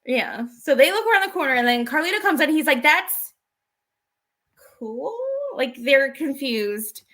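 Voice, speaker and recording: A woman's voice: high voice, expressive, fairly quick, fairly bright tone. A woman co-hosting a podcast, chattily recapping wrestling and acting out the lines she quotes. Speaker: podcast co-host. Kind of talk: casual wrestling recap chat.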